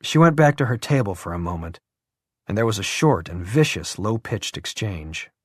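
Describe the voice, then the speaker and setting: A man's voice: fairly low pitch, sing-song, a little fast, breathy edge, no echo. Man narrating an audiobook in a dry booth.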